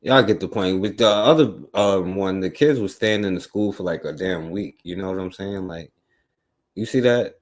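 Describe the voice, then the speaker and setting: A man's voice: low voice, moderate pace. A man on a talk radio show commenting on a clip he just played, in a slangy, offhand way.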